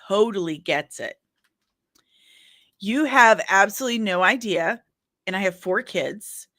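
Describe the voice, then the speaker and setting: A woman's voice: medium pitch, lively intonation, measured pace, a bit bright, dry recording, clean studio sound. A woman chatting casually and candidly on a livestream, rambling, laughing often and apologizing in asides.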